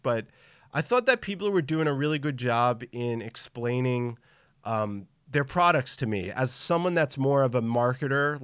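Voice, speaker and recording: Male podcast host, casual live-stream chat, enthusiastic but travel-tired, middle pitch, dry sound. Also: fairly bright tone, clean tone, no room sound. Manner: enthusiastic, greets chat viewers by name.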